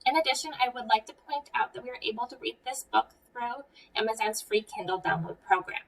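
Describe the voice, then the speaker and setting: A woman's voice: fairly high pitch, fairly quick, recorded from a distance, low-quality recording. A young woman with an American accent, a museum educator giving a friendly children's art lesson and story time, asking the viewer questions.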